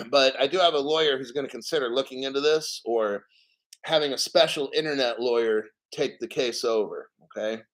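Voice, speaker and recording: A man's voice: mid-range voice, moderate pace, fairly bright tone. A man giving casual live commentary on the news, blunt and profane, a little out of breath. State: slightly out of breath.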